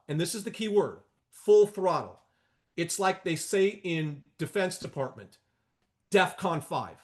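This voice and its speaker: Man with a high voice, trading lesson, emphatic, sarcastic asides, talks right at the viewers. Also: a bit bright. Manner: addresses viewers directly as "people". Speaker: trading educator. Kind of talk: market analysis lesson.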